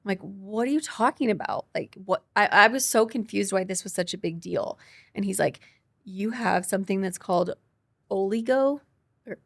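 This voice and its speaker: A woman's voice: medium pitch, gravelly, a bit bright, no room sound, clean studio sound. A young woman, a podcast guest, telling her cancer story with emotion and quoting people as she goes. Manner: quick, tearful retelling with quoted dialogue.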